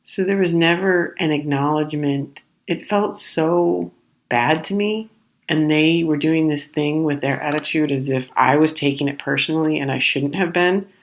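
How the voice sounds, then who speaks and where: A woman hosting a podcast, telling a comedic story in an animated, rambling way and acting out the other people in it. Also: low-pitched, moderate pace. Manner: exasperated, rambling retelling. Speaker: podcast host.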